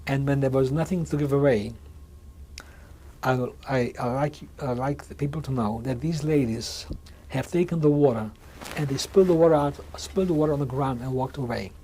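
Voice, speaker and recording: Halting older man with a mellow voice. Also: mid-range voice, slight background noise. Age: 60s. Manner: halting, with frequent restarts and repeated words. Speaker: interviewee. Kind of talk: oral history testimony. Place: museum interview room.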